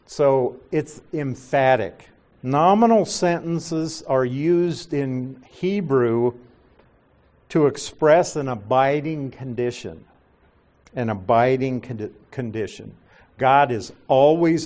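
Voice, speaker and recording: Male Bible teacher for a class lecture: slow and patient, explains step by step, tosses in rhetorical questions. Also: mid-range voice, expressive, a little mellow. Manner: corrects himself mid-sentence.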